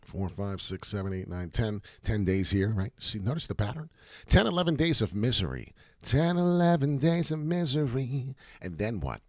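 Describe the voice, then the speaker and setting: A man hosting excited crypto chart commentary, repeating himself and dropping rhyming asides. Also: on the low side, no echo, studio quality. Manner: animated, repetitive, rhyming asides. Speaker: crypto chart analyst host.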